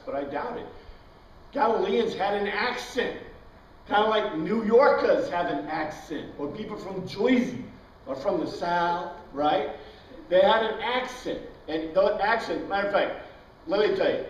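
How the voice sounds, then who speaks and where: A man's voice: on the high side, a little hiss or hum. A man teaching an informal Bible class, chatty, quizzing his students and wandering into tangents. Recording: dull, echoey room recording from far off.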